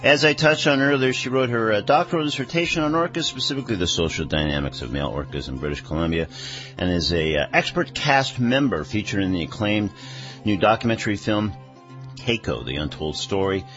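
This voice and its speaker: A man hosting a radio talk show, reading stories in an unhurried way with many pauses. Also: fairly low pitch, lively intonation, fairly bright tone, faint music behind. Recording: dull radio broadcast audio.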